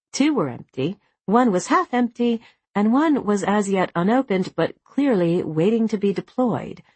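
A woman narrating a novel as an audiobook, with a measured, expressive reading. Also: lowish voice, slightly rough, no echo. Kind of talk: scripted narration.

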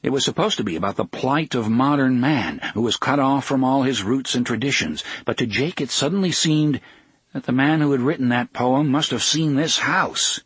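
A man narrating an audiobook in a measured storytelling manner, often slowing down for suspense. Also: mid-range voice, a bit bright, husky, no echo. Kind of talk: scripted narration.

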